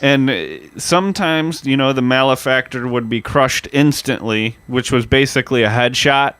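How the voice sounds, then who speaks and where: A man co-hosting a history podcast, talking in a loose, profane, rambling way. His voice is smooth and resonant, and the recording is dry and close to the mic. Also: medium pitch, normal speed, fairly bright tone, no room sound. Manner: loose, profane, storytelling with many "like" fillers. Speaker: podcast co-host. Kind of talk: casual podcast chat.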